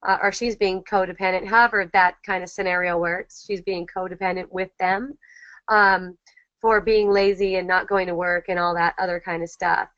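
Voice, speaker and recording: A woman hosting an online spiritual dialogue, talking gently and reflectively, repeating key phrases and restarting sentences often, over slightly muffled lo-fi call audio. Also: on the low side, fairly even intonation, moderate pace, dry recording. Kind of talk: reflective spiritual teaching talk.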